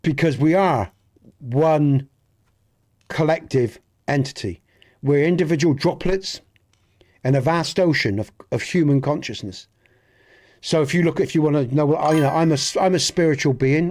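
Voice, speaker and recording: At a moderate pace, a man with a slightly high, slightly mellow voice and a Dorset accent talks casually with live viewers on his game stream. He's earnest and rambling, with frequent repeated and restarted words.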